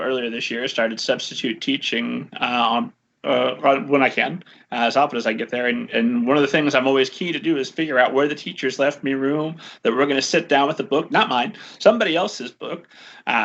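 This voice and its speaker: A man's voice: medium pitch, fairly even intonation, moderate pace, vocal fry, a bit bright. A man hosting a podcast interview, asking chatty, eager questions in casual conversation over muffled lo-fi audio. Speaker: podcast host.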